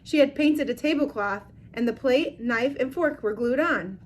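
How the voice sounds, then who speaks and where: A woman reading a children's book aloud with expressive storytelling. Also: sits high, moderate pace, slight background noise. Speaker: reader.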